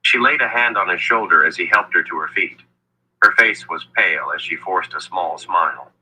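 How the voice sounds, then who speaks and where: A man narrates a fantasy audiobook in a measured storytelling read. His voice sits low and husky. It carries a sharp, forceful edge. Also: low-quality recording.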